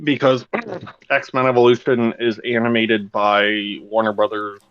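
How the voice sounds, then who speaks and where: A man's voice: lowish voice, flat delivery, a little slow, fairly bright tone, clean tone, no echo. A man hosting a podcast in a loose, rambling casual chat, swearing freely as he explains things. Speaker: podcast host. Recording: dull lo-fi sound.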